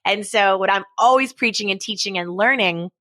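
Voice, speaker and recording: Energetic preaching woman, dry close mic. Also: medium pitch, normal speed, no echo. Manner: energetic, preachy, acts out quoted voices. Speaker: guest, author and speaker. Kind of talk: animated podcast interview.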